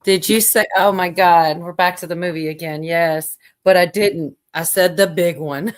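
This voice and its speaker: A woman's voice: lowish voice, steady tone, normal speed. A woman hosting a casual livestream chat, rambling with lots of fillers and frequent laughter. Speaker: livestream host.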